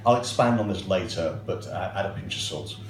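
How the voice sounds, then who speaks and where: A man cutting in on a live comedy debate with slow, pedantic remarks. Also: deep voice. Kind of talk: deadpan interjection in live comedy. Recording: roomy hall sound with music, from far off.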